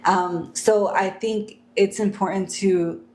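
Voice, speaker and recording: A woman's voice: medium pitch, fairly even intonation, slow, a little mellow. A woman co-hosting a podcast, chatting in a reflective, advice-giving way and laughing often. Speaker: podcast co-host. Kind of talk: casual chat.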